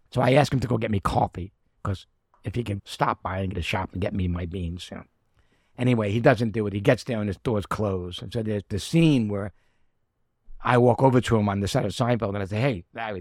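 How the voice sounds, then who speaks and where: A man's voice: fairly low pitch, a little mellow, dry recording, clean studio sound. A middle-aged actor telling anecdotes in a casual chat, acting out the people he quotes. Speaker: actor guest.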